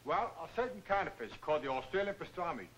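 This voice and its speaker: An actor playing a cheerful, dim-witted boxer who rambles earnest slangy nonsense, in 1940s film comedy acting. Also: male voice, a little high, expressive, quick pace, fairly bright tone, a little hiss or hum, rough recording.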